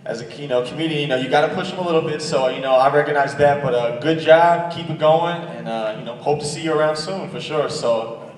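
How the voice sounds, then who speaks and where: A man's voice: on the high side, fairly quick, recorded from a distance. A man judging a talent show, giving rambling feedback full of fillers. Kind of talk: casual feedback. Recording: echoey hall with crowd noise.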